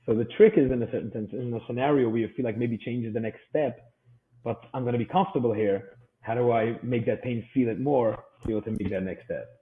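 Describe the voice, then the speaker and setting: A man's voice: medium pitch, fast talker. A male podcast guest talks casually and likes to act out the people in his anecdotes. His voice comes through a narrow, phone-like line, and the room around him has a noticeable echo. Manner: storytelling, acts out quoted voices. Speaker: podcast guest, business coach. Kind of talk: casual interview talk with acted-out anecdotes. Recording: echoey room over a tinny phone-like line.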